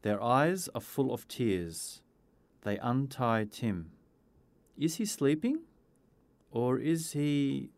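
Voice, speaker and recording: Man narrating a storybook, lively pitch. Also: takes it slowly, long pauses, no room sound.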